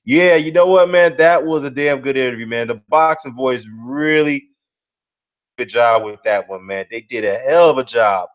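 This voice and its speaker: A man hosts a casual live stream about boxing, filling his talk with "you know" and "man" as he greets the chat. His voice sits at an ordinary middle pitch. The sound is dull and lo-fi. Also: normal speed. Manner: rambling, many "you know" and "man" fillers. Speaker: boxing YouTube host.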